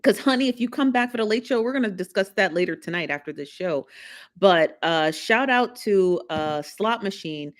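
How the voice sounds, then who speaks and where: A woman's voice: medium pitch, lively intonation, moderate pace. Woman, livestream host, casual chat, teasing, AAVE, mid-range voice. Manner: chatty, laughing, teasing the chat. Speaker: live show host.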